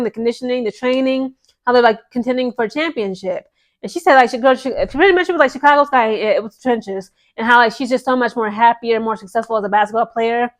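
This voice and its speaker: A woman vlogging casual basketball gossip commentary, animated and peppered with "okay?". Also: fairly high pitch. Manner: animated, repeats "okay?" often.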